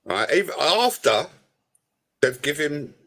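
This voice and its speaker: A man's voice: on the high side, very animated, a little slow, a bit bright. A man from Cornwall, co-hosting a casual livestream chat and ranting scornfully with heavy swearing. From Cornwall, England.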